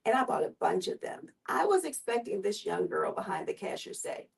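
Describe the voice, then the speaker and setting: A woman guest with a gravelly voice telling her personal story in an earnest, unhurried way. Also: mid-range voice, sing-song, recorded from a distance, rough recording. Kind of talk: personal testimony in conversation.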